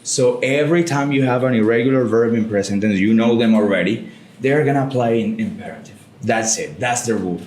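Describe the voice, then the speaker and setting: A man's voice: medium pitch, brisk, a little mellow. A man co-hosting a language podcast, patiently explaining grammar step by step in casual chat. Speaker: podcast co-host, Spanish teacher. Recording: roomy studio echo.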